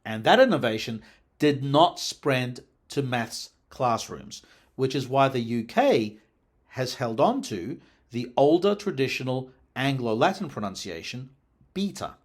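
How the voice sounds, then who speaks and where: A man lectures in a scholarly explanatory style, his pitch rising and falling with lively emphasis. His voice has a husky edge to it. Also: a little slow. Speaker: lecturer on language history.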